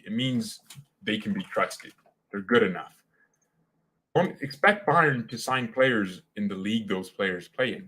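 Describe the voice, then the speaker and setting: A man's voice: lowish voice, pushed and bright. A man hosting a casual live match watchalong as a fan, talking in an opinionated, rambling and slangy way. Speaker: fan channel host.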